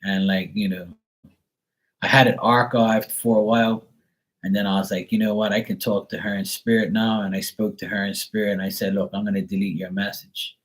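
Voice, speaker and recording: Casual male tarot stream host, slightly low voice, candid and profane. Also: level tone, brisk, low-quality recording. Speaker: tarot reader hosting a live stream. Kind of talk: casual live-stream chat.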